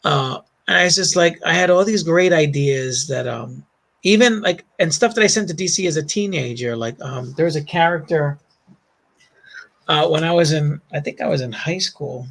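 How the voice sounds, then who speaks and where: Gravelly and on the high side, this man speaks at a normal speed with his Bronx, New York accent. A comic creator, he rambles through animated stories in casual chat, with plenty of fillers and laughter.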